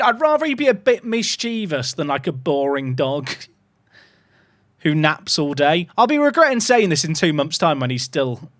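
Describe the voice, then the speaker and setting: Dude streaming, high bouncy voice, rambles and restarts words, coos at his puppy. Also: no room sound, studio quality. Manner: rambling, chatty, self-interrupting. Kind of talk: casual live-stream chat.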